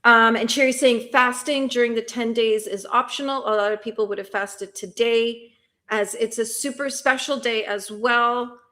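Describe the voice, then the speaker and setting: A woman's voice: fairly high pitch, fairly even intonation, normal speed, fairly bright tone. A woman hosting a cozy productivity livestream, chatting casually and answering viewer comments with lots of questions and frequent laughter. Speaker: livestream host.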